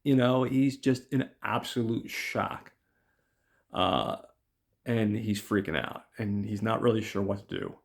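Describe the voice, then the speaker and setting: A man's voice: fairly low pitch, fairly even intonation, unhurried, gravelly. A man hosting a podcast, casually recapping a film's plot in a chatty, profane way and calling his listeners guys. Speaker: podcast host.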